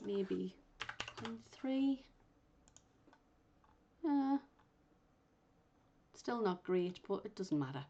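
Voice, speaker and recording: A woman teaching a software session at an unhurried, patient pace, explaining each step and thinking aloud as she clicks through. Her voice sits at an ordinary middle pitch. The recording is a little muffled and lo-fi. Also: lively intonation, slight background noise. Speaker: instructor.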